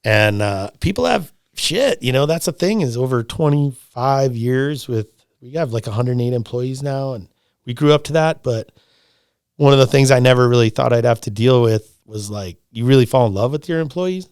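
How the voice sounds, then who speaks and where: A middle-aged man in casual podcast conversation, talking in an animated, rambling way, swearing freely and repeating himself. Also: mid-range voice, normal speed, smooth, dry recording, studio quality. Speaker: lodge owner, podcast guest.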